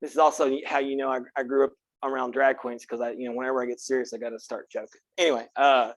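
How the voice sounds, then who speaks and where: A man from Texas teaching a college philosophy class, frank and earnest and quick to crack a joke, recorded on a close mic in a classroom. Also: mid-range voice, flat delivery, no room sound. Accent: Texan. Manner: earnest, frank, joking, speaks directly to students. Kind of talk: classroom lecture.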